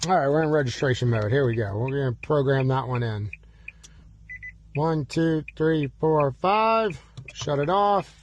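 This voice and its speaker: A slightly higher-voiced man walks through programming car keys from the driver's seat, narrating every button press. He breaks into playful, fretful exclamations as if panicking. A faint hiss of noise sits under the recording. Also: animated, measured pace, lo-fi sound. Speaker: automotive locksmith demonstrating key programming. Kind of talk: hands-on demonstration with mock panic. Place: inside a car.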